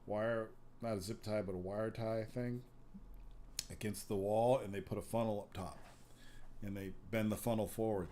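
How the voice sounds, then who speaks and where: A man's voice: lowish voice, a little mellow, a little hiss or hum. A man hosting a podcast, telling long rambling stories in casual, profane chat. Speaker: podcast host.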